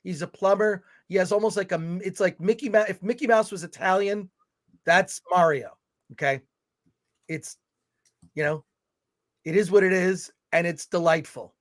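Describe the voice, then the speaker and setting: Ranting livestream co-host, male, high voice, animated delivery. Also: moderate pace, pauses often. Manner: animated, ranting, reads viewer comments aloud. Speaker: podcast co-host reading chat. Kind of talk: livestream film chat, ranting.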